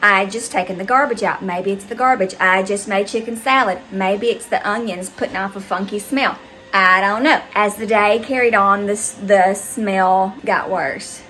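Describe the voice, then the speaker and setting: A middle-aged woman from the Southern US with a Southern accent, chatting to viewers as she tells a story in her vlog, animated and talkative. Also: mid-range voice, moderate pace, a little hiss or hum, rough recording. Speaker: vlogger. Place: her house, indoors and out.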